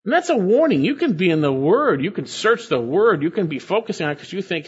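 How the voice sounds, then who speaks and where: A man's voice: big pitch swings, husky. A man preaching an expository sermon, reading scripture aloud and stressing key phrases emphatically. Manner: emphatic, rises high on key phrases, slows to stress words. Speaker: pastor. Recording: slightly dull lo-fi sound.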